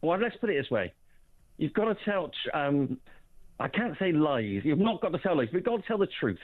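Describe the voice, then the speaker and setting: A man's voice: a little high, big pitch swings, moderate pace. A man calling in to a radio phone-in, arguing his point insistently and restarting his sentences. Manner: insistent, repeats himself, restarts. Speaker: phone-in caller. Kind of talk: phone-in argument. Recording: tinny phone line.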